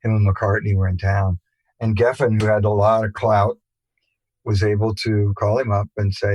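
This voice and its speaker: An older man, a musician guest, telling rambling anecdotes in a relaxed interview, with many fillers and restarts. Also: lowish voice, moderate pace, no echo, highs cut off. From England.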